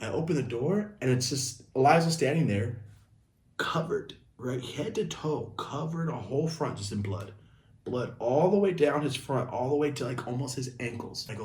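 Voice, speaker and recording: A young man telling a casual story-time video, animated, speaking straight to his viewers. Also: medium pitch, moderate pace, reverberant.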